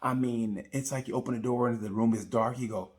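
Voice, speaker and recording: A man's voice: mid-range voice, a little fast. A man giving a rambling, profane comedic review of a motorcycle race. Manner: rambling, profane, animated storytelling. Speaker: comedy racing commentator.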